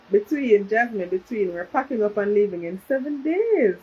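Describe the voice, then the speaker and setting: A woman's voice: mid-range voice, sing-song, normal speed, hardly any pauses, highs cut off, slight background noise. A woman chatting casually on a livestream, reading out viewers' comments and slipping into patois. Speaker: livestream host. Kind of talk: casual live chat with viewers.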